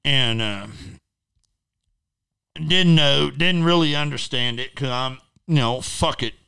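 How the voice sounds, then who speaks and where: A middle-aged man with a forceful, bright voice that comes through clean and resonant. He talks bluntly and swears freely. His story rambles along with plenty of fillers. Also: medium pitch, slow pace, creaky, clean tone. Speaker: interview guest. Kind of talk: casual storytelling.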